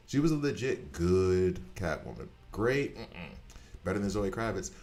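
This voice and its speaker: A man with a low voice holds forth on his gaming channel in a loose, unscripted rant. He is blunt and animated, drops casual swears, and often trails off and restarts his sentences. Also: unhurried. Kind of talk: casual ranting chat.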